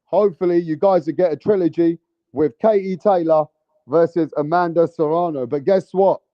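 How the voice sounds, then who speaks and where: A man's voice: a little high, normal speed, no echo, muffled recording. A man giving casual vlog commentary on boxing, with a brash, profane, heated ranting manner.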